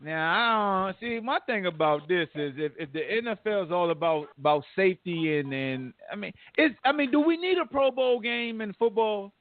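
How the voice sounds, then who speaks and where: A man hosting a podcast, ranting about sports in casual slang with lots of animated trash talk. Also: sits high, moderate pace, few pauses, no echo. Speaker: podcast host. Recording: phone-like narrow audio.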